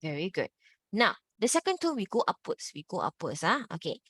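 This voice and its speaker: A woman's voice: mid-range voice, very animated, brisk, a bit bright, slightly rough, no echo. A woman teaching an online Mandarin class, drawing out each tone in big swoops and leading repeat-after-me drills. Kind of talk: online language lesson.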